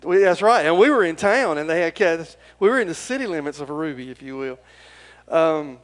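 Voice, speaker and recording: Folksy pastor preaching. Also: male voice, fairly high pitch, lively intonation, moderate pace, poor audio. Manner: folksy, rambling, emotional and earnest. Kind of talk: sermon.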